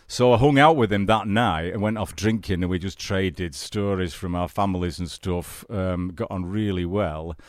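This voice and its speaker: A man, a musician guest, telling stories in a rambling, halting way with many restarts. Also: low-pitched, dry recording, studio quality. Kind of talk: casual storytelling interview.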